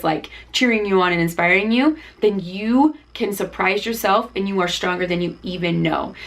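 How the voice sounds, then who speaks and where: Chatty woman vlogger telling a story. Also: medium pitch. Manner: animated, chatty, lots of fillers. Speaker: DIY channel host. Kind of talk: casual storytelling vlog.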